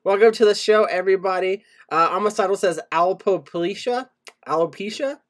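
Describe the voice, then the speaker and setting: A man hosting a podcast in casual chat, joking, laughing often and reading out shout-outs to his chat. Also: sits high, moderate pace. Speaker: podcast host.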